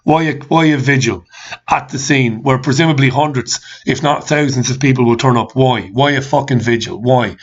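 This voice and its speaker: A man's voice: mid-range voice, moderate pace. Guy ranting on his show, keeps asking why, swears a lot, kinda muffled lo-fi audio. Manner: exasperated, repeats questions, swears. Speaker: host. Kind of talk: ranting commentary. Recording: slightly dull lo-fi sound.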